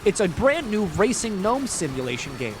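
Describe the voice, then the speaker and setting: A man voicing a clumsy male spam emailer who pitches a game in slow, stilted broken English. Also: big pitch swings, noisy background.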